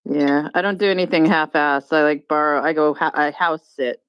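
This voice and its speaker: A woman's voice: low-pitched, fairly even intonation, normal speed, smooth, no echo, lo-fi sound. A woman chatting casually in an online group, joking and giggling.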